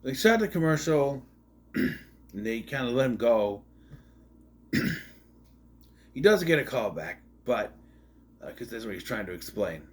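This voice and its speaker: Male reviewer, mid-pitched voice, rambling and sarcastic, casual delivery. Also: very animated, a little slow, pauses often. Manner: rambling, sarcastic, with frequent asides and restarts. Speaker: movie reviewer. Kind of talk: casual spoken movie review.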